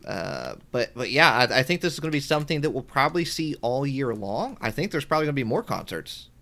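A man co-hosting a casual podcast, talking in a relaxed way with frequent ums and restarts. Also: medium pitch, quick pace. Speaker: podcast co-host. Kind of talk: casual chat.

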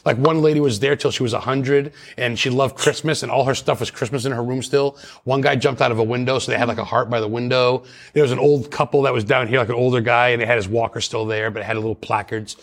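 A man's voice: mid-range voice, fairly even intonation, quick pace, few pauses. A man talking as a paranormal investigator guest in a casual interview, chatty and rambling with many restarts.

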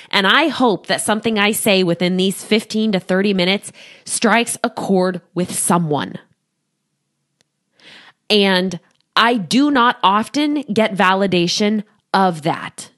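A woman in her thirties hosting a solo podcast as a coach, talking to a studio microphone, animated, often laughing and acting out quoted voices. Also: mid-range voice.

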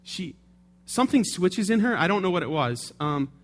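A male pastor preaching in a relaxed, conversational way, often checking in with his listeners through tag questions. His voice sits a little higher than most men's. He talks through his points as if chatting with his congregation. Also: moderate pace. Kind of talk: sermon.

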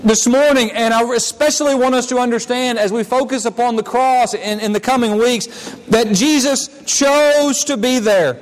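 A man's voice: very high-pitched, normal speed. A man preaching a sermon in a church, acting out the scenes he describes. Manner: dramatic preaching, acts out scenes. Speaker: pastor. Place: church sanctuary. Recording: long hall reverb.

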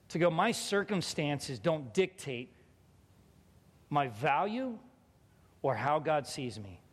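A man with a high voice shares a personal faith story and acts out each person's lines. He speaks with strong feeling. His voice rings with the long reverb of a big hall. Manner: emotional, animated, quotes people in dialogue. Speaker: pastor telling a personal story. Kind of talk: storytelling testimony.

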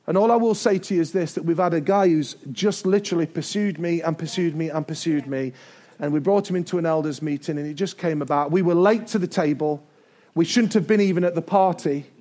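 High-voiced pastor preaching energetically. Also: male voice, fairly quick. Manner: energetic preaching, building to shouts, with joking asides. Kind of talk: sermon. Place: church service before a congregation.

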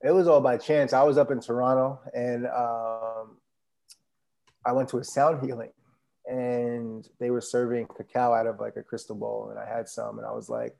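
A man's voice: medium pitch, little pitch movement, normal speed, vocal fry, dark tone. A man chatting casually as a podcast guest, laid-back and rambling with many fillers. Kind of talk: casual conversation.

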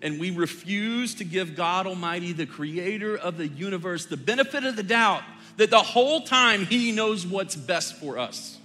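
A middle-aged man preaching a sermon as pastor, telling family stories in a relaxed, joking, conversational way. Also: high-pitched, normal speed, a little hiss or hum. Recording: long hall reverb.

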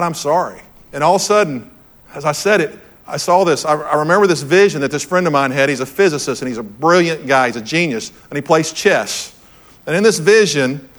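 A man's voice: on the high side, fairly bright tone. Earnest man preaching a personal story. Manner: storytelling, earnest, repeats key phrases. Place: church hall with audience.

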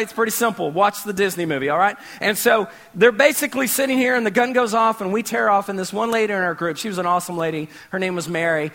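A man's voice: sits high, fairly bright tone. A man preaching a sermon as a pastor, telling stories animatedly and acting out scenes with sound effects.

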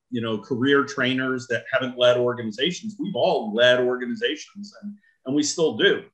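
A man's voice: medium pitch, low-quality recording. A middle-aged man, a guest in an interview, telling a story and acting out the dialogue in it. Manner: animated, acts out quoted dialogue. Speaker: guest, leadership training firm owner.

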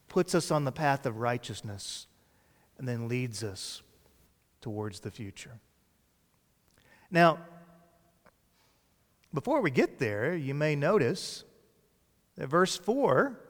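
A man preaching a sermon, slow and dramatic, dropping to soft lines and rising for emphasis. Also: mid-range voice. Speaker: pastor. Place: large church hall. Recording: reverberant church hall.

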